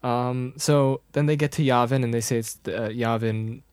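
A man in a casual movie commentary chat, animated, humming the score and acting out bits of dialogue. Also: mid-range voice, moderate pace, dry recording. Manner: animated, hums movie music and acts out lines.

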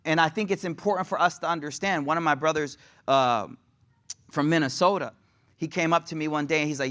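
Man, young adult, sermon, casual slang, passionate, slightly high voice. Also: fairly quick, a bit bright. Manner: casual slang, builds to raised passionate delivery. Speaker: religious teacher.

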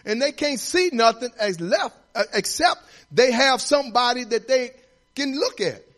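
A middle-aged man preaching a sermon as assistant pastor, folksy and conversational, telling personal stories and rising to shouts. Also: extremely high pitch, animated, moderate pace. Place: church sanctuary.

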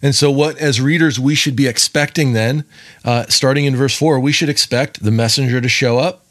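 A man hosting a Bible study podcast, explaining scripture step by step in a relaxed conversational way with frequent asides. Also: mid-range voice, normal speed. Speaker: Bible teaching podcast host. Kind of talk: casual Bible teaching.

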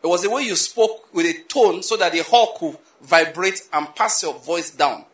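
A man preaching a sermon, animated and repetitive, full of rhetorical questions. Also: high voice, moderate pace, roomy sound. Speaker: pastor.

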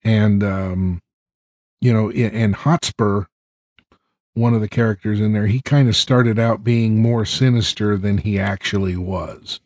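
A man co-hosting a casual podcast book discussion, giving measured, plain-spoken opinions. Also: on the low side, fairly even intonation, darkish tone, no echo. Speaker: podcast co-host.

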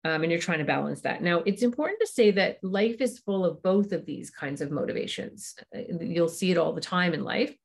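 A woman's voice: on the low side, animated, a little fast, vocal fry, slightly rough. A woman hosting a parenting podcast, explaining ideas in a conversational way with frequent ums and uhs. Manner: warm explanatory, frequent fillers.

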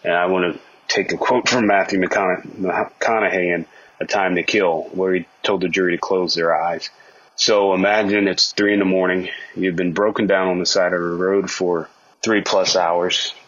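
A man's voice: low voice, fairly even intonation, normal speed, a bit bright, husky. A man giving argumentative commentary on a court case, asking rhetorical questions and acting out quotes. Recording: dull lo-fi recording.

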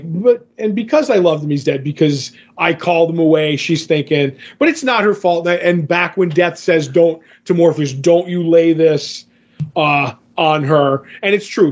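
A man talking through a comic book story in loose, casual podcast chat, stopping and restarting his sentences often. His voice sits a little higher than most men's. The audio is dull and lo-fi, with the top end rolled off. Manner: rambling, many fillers and restarts. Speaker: podcast co-host.

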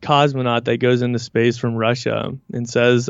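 An easygoing man co-hosting a podcast, musing aloud in casual slang. His medium-pitched voice comes through a dry, slightly dull-sounding microphone. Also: level tone, normal speed, vocal fry, no room sound. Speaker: podcast co-host. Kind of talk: casual chat.

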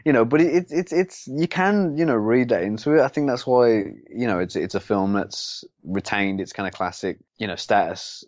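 A man's voice: medium pitch, normal speed, hardly any pauses, a little mellow, no echo, lo-fi sound. A man co-hosting a casual film discussion who jokes constantly, laughs often and uses slangy "mate" talk. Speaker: podcast co-host, film reviewer.

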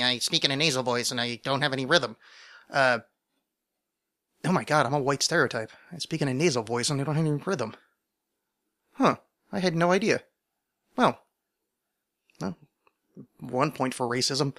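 A man's voice: on the high side, a bit bright. A man hosting a podcast in a casual solo monologue, rambling and self-deprecating, with many restarts and asides. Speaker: podcast host.

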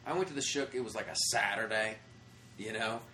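An American man, a comedian, telling travel stories in a casual interview, animated and profane, acting out the people he quotes. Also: lowish voice, brisk, roomy sound, slight background noise. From United States. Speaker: comedian guest. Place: comedy club after a show.

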